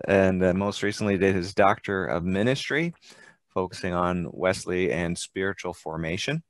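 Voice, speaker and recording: A moderator introduces the next presenter in a relaxed way, pausing on fillers. His voice is very low. The sound is dry, with no room echo. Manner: casual and friendly, with hesitant fillers. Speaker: conference moderator. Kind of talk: introducing a speaker.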